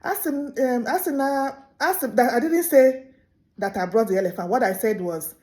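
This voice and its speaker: A woman voicing a sly small male tortoise who wheedles and quickly denies what he said. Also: on the high side, mellow, pitched above the performer's own voice, natural voice. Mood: wheedling.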